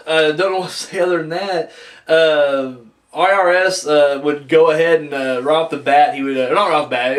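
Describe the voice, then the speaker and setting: A man giving a casual spoken review, rambling and frank, often swearing and using many fillers. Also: a little high. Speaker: wrestling reviewer. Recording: voice a bit far from the mic.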